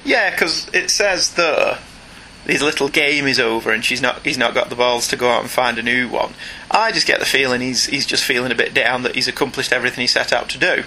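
Chatty British man with a bright edge. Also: medium pitch, a little fast, a little hiss or hum. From Britain. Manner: chatty, jokey, animated. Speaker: podcast co-host. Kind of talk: casual comics discussion.

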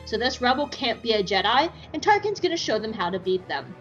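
A woman's voice: on the high side, very animated, a little fast, hardly any pauses, fairly bright tone, muffled recording, soft background music. A woman podcast co-host chatting casually through an episode recap, giggly and swearing freely.

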